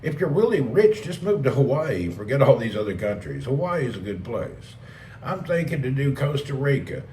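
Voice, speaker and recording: A man's voice: medium pitch, very animated, normal speed, dark tone, a little hiss or hum. Rambling man chatting on a live stream. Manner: rambling, joking, reads chat aloud. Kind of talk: casual live-stream chat. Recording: roomy, distant mic with faint ambience.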